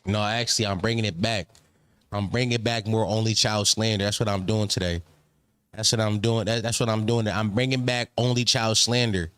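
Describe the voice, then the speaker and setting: A man's voice: fairly low pitch, fairly even intonation, moderate pace, fairly bright tone, smooth, no echo, faint music behind. A young man hosting a casual reaction stream, ranting in a profane, repetitive way.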